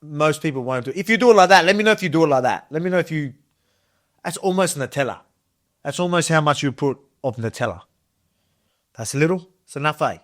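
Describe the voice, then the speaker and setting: Talking fast and expressively, a thirty-something Australian man hosts a cooking video, chattering with enthusiasm through an informal kitchen demonstration. His somewhat bright voice sits a touch higher than usual for a man.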